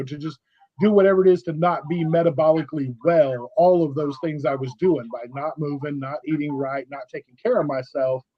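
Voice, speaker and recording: A man's voice: fairly high pitch, a little mellow. A man in his forties, a podcast guest telling his story in a frank, emphatic, conversational way. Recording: dull lo-fi audio with faint noise.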